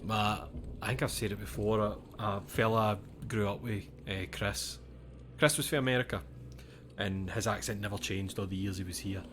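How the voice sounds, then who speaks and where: A man's voice: lowish voice, fairly even intonation, moderate pace, fairly bright tone, slight background noise. A young Scottish man chatting casually and rambling, swearing freely as he plays a game on stream. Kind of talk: casual commentary while gaming.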